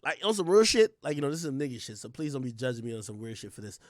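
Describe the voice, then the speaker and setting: A young man streaming, telling a crude story in a casual, profane way, swinging from low mumbles to loud outbursts. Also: very fast, no room sound, studio quality. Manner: animated, profane, swings between mumbling and yelling.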